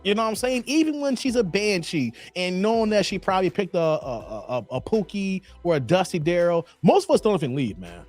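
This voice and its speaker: A man hosting a live commentary stream, animated, laughing often and talking to his chat by name. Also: high voice, brisk, hardly any pauses, faint music behind.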